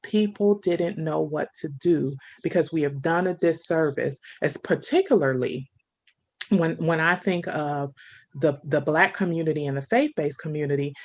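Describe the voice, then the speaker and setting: A woman's voice: low-pitched, a little mellow. A woman guest in a casual discussion, explaining her points thoughtfully and often asking "right?".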